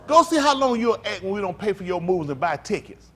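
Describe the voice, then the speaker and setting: A man speaking as a pastor in an emphatic, preacherly talk, often building up to loud outbursts. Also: sits high, sing-song, brisk.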